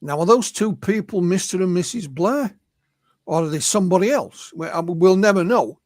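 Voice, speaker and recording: This is an Englishman, high in pitch, talking as an interview guest. He retells witness accounts, sprinkling his speech with "you know". The sound is dry and close. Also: lively intonation, moderate pace, darkish tone, no room sound. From England. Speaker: guest, UFO researcher and author. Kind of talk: anecdotal storytelling in an interview.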